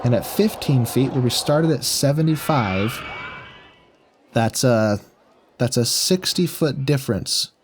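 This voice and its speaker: A man's voice: mid-range voice, unhurried, noisy background. A man giving casual gameplay commentary, thinking aloud as he works out his build. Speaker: gaming video creator.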